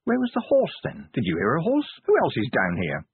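A man voicing a battered, delirious grown man who drawls slowly and breaks into high, wailing cries. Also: huge pitch swings, breathy edge, dry recording, heavily acted. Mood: dazed. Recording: phone-like lo-fi audio.

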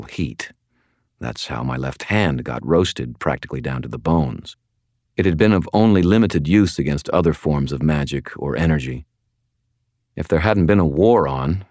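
A man reading a first-person story aloud as an audiobook narrator, in a measured, steady way. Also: very deep voice, dry recording, clean studio sound. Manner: measured, steady storytelling with sudden shouted outbursts.

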